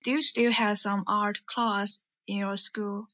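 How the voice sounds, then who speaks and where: A woman's voice: medium pitch, flat delivery, sharp tone, dry recording. College student woman caller, muffled line. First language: Chinese. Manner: halting, asks many questions. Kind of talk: casual English practice chat.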